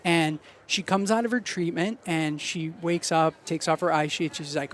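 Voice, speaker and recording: Man, podcast guest, slightly high voice, lively storytelling, quotes people in their own voices. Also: normal speed, few pauses. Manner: animated anecdote-telling with quoted voices. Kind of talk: casual storytelling.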